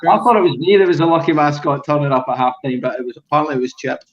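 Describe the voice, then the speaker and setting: A man's voice: fairly high pitch, rapid-fire, lo-fi sound, crowd noise. A man telling a long, rambling fan story in a casual podcast chat, with lots of ums. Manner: rambling, relaxed, many ums.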